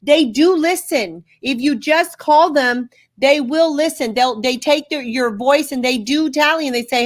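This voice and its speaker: A woman's voice: sits high, measured pace, few pauses. A woman hosting a political webcast, urging her listeners to act. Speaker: host.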